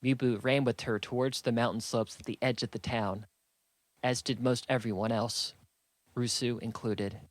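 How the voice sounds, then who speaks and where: A man reads from a fantasy audiobook, his mid-range voice carrying a calm, measured storytelling rhythm. The recording has no echo.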